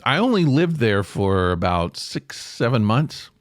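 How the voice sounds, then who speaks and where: A middle-aged man hosting a casual solo podcast, rambling and self-deprecating, jumping up in pitch for emphasis. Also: big pitch swings, a little slow, no echo, studio quality. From American South. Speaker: podcast host.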